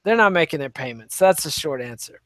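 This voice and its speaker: A man's voice: a little high, animated, a little fast, a bit bright, no echo. A man co-hosting a casual podcast chat, giving wry, rambling commentary full of "uh" and "you know". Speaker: podcast co-host.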